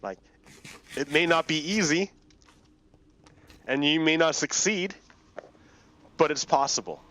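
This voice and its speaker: A man's voice: fairly high pitch, fairly bright tone, a little hiss or hum. Rambling man telling a story while gaming. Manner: rambling, halting, many restarts. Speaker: gaming video host. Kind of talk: casual storytelling while playing a game. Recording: dull lo-fi dry recording.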